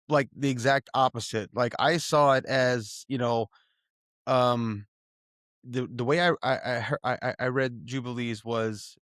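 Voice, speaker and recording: A man's voice: medium pitch, fairly bright tone, no echo. A man in an easygoing talk about scripture who keeps pressing for clarity and restating points to test them. His voice sits mid-range and sounds close and dry, with no room around it. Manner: probing, asks pointed clarifying questions. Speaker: podcast co-host. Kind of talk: casual faith discussion.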